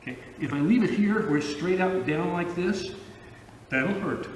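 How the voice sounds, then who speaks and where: Judo coach explaining step by step. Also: male voice, high-pitched, animated, normal speed, slight background noise. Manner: explains step by step, checks in with frequent "okay?". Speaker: judo instructor. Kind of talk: instructional demonstration. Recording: echoey hall, far from the mic.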